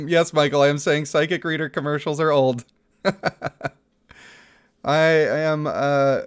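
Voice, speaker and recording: A man's voice: a little high, steady tone, slow. A man in his thirties chatting casually on a livestream, reading out chat messages and laughing often. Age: 30s.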